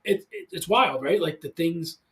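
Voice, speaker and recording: A man in his forties hosts a casual podcast chat from a studio, with a voice sitting a little higher than most men's. He tells stories with lots of energy and gets loud when he acts out what people said. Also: normal speed. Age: 40s. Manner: animated storyteller, loud when acting out quotes. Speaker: podcast host.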